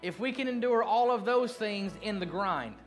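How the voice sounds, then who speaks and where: An earnest middle-aged pastor with a drawl delivers a sermon in a fairly high voice. He swings between hushed, drawn-out lines and quick, animated bursts. Soft music plays faintly underneath.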